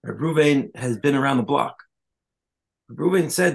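A rabbi giving a conversational Torah talk, telling stories with Hebrew and Yiddish terms and quick asides. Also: male voice, mid-range voice, animated, gravelly.

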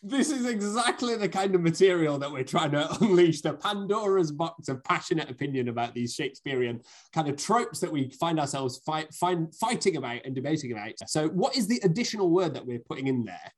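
An enthusiastic male podcast host who asks articulate questions and reacts with clear delight. His voice runs slightly higher than most men's, and his talk is casual and easy. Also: animated, brisk.

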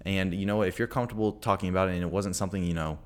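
A young man with a very low voice, co-hosting a casual podcast. He talks quickly in a laid-back way, stringing his thoughts together with "you know" and "like". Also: steady tone, smooth. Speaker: podcast co-host.

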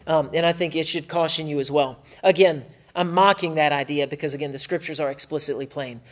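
A man's voice: on the high side, fairly even intonation, brisk. A middle-aged man hosting a marriage podcast, teaching in an emphatic, preacher-like way and repeating phrases for stress.

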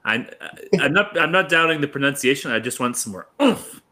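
Teasing male co-host, bright, forward voice. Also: mid-range voice, expressive, brisk. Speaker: podcast co-host. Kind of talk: casual chat.

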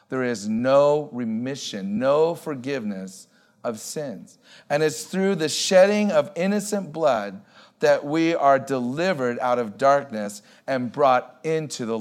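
A male pastor preaching a sermon in an emphatic way, repeating key words and slowing down to stress them. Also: medium pitch, expressive.

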